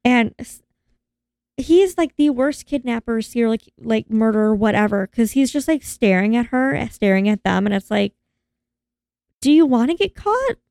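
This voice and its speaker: A woman's voice: a little high, moderate pace, darkish tone, smooth, dry recording, clean studio sound. A woman in casual chat, recapping a film and animatedly acting out the characters' lines in voices. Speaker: podcast co-host recapping a film.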